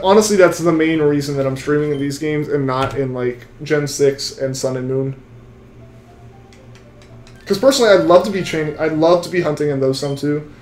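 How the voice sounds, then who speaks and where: A man's voice: a little high, a little mellow, echoey room. A young man live-streaming a game, chatting with viewers in a rambling, casual way. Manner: rambling, chatty, full of restarts. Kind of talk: live-stream chat while shiny hunting.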